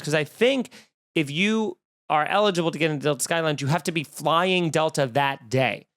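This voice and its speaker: A man's voice: on the high side, brisk, fairly bright tone, no room sound, clean studio sound. A man hosting a comedy podcast, telling a story in a snarky, profane, ranting way.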